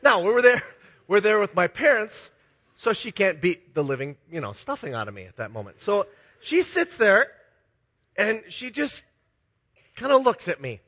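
A man's voice: high-pitched, sing-song, moderate pace, a bit bright. A middle-aged man from Minnesota, a pastor telling self-deprecating stories in a sermon. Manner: self-deprecating, confessional, chuckling storyteller. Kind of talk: sermon with personal storytelling.

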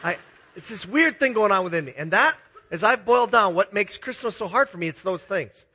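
This Minnesota pastor, a middle-aged man, is brisk and animated, his high-pitched voice pushed, bright, and slightly rough. He tells self-deprecating stories during a sermon, laughing at himself in a confessional storytelling manner.

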